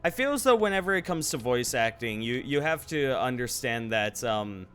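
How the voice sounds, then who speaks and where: A man's voice: mid-range voice, animated, moderate pace, fairly bright tone, smooth, soft background music. A man streaming live, chatting casually while gaming and rambling with lots of fillers. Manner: rambling, with frequent ums and likes.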